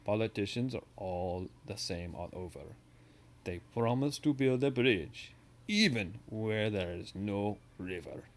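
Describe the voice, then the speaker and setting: Man doing a mock Russian Soviet leader, hammy, scoffing, low voice, from off the mic. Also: unhurried. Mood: sly. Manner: hammy, playful put-on accent.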